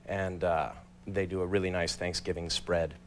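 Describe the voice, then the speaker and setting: A man's voice: low voice, level tone, moderate pace, slight background noise. A man in his thirties, a guest actor telling a self-deprecating story on a talk show.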